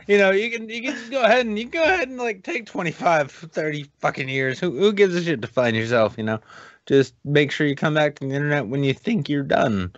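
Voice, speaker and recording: A man's voice: a little high, lively intonation, brisk, no room sound. A man joking and swearing as a podcast guest in casual chat. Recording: dry, dull lo-fi mic.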